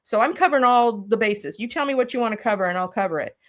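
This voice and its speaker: Brief: middle-aged woman, interview guest, urgent and emphatic storyteller, voice sitting a little high. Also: lively intonation, quick pace. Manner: urgent and emphatic, acts out her own past words in quotes. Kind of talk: emotional personal storytelling.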